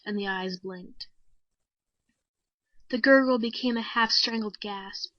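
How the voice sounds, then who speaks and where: A woman narrating a short story in a measured, even storytelling manner. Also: medium pitch, no room sound. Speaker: story reader. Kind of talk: scripted narration. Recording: dry, dull lo-fi sound.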